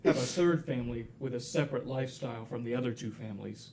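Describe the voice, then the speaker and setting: A young man co-hosting a casual podcast, riffing deadpan jokes. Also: mid-range voice, quick pace, a little hiss or hum. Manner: deadpan joker, riffs on gags. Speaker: podcast co-host. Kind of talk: casual chat.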